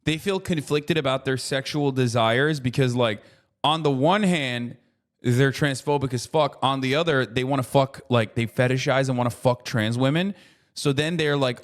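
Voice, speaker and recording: An American man in his thirties doing casual livestream commentary, talking to his chat with profane, animated rants. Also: medium pitch, moderate pace. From United States. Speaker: streamer reacting to chat.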